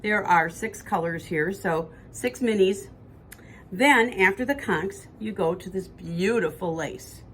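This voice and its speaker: A woman's voice: mid-range voice, unhurried, a bit bright, a little hiss or hum. A woman, co-hosting a podcast in casual chat that rambles and corrects itself as she goes. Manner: chatty, rambling, self-correcting. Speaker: podcast co-host.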